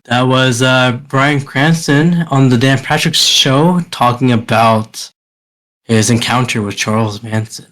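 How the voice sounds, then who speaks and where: A man's voice: mid-range voice, fairly even intonation, a little slow, a bit bright. A man co-hosting a podcast, chatting casually and hesitantly with plenty of fillers. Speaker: podcast co-host. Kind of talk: casual chat.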